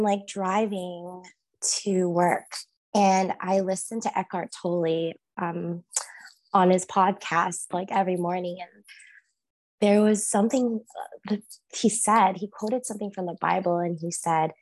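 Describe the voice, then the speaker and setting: A young woman telling a personal story as a guest, casual and animated, laughing often, acting out her own past lines and using lots of "like" fillers. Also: medium pitch.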